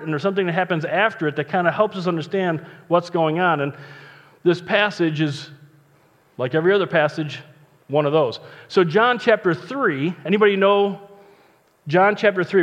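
A man preaching a casual sermon as pastor, chatty and joking between Bible readings. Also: sits high. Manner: chatty, joking asides, conversational. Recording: long reverb, dull lo-fi sound.

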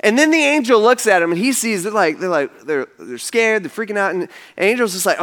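A male pastor who preaches in a loose, storytelling way. He keeps adding "like" and "you know" as he goes. His voice is high and bright. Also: fairly quick, hardly any pauses. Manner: conversational, animated, full of fillers like "like" and "you know". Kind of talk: casual storytelling sermon.

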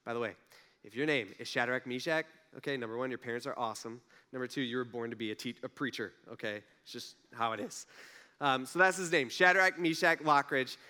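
A man, a young adult pastor, preaching a sermon in a conversational, animated way full of rhetorical questions. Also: medium pitch, brisk.

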